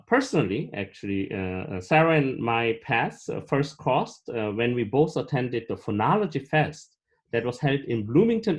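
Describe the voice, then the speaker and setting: A man hosting an academic colloquium, introducing the speaker formally with many hesitant fillers. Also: mid-range voice. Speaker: colloquium host.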